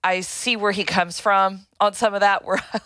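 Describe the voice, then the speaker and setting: A woman's voice: medium pitch, steady tone, normal speed, fairly bright tone, no room sound, studio quality. A woman co-hosting a talk show, speaking frankly and matter-of-factly in casual chat. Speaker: co-host.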